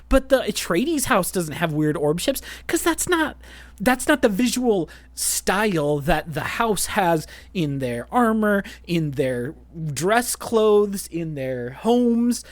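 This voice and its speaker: Animated, dry-sounding podcast co-host. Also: mid-range voice, no echo. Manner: animated, talks fast with many restarts and fillers. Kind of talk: casual film discussion.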